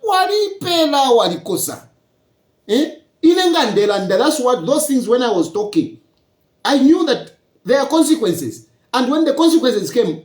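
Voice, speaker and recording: A Zambian-accented man holds forth as a politician, firing rhetorical questions at his listeners in a lecturing tone. His pitch rises and falls a great deal, and the recording rings with a roomy echo. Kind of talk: public political address.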